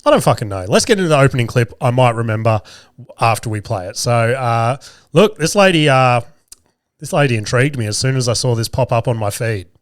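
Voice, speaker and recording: A male podcast host in his 30s talks a little fast in an expressive mid-range voice, rambling and joking crudely with plenty of profanity in casual comedy chat. Still recovering from a cold, he sounds somewhat stuffy, and the recording is dry and close.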